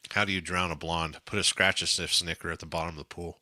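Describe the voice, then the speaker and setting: A man's voice: low-pitched, fairly even intonation, quick pace, bright, forceful tone, no echo. A man in casual group chat on a live stream, cracking jokes and teasing the others. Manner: joking, wisecracking.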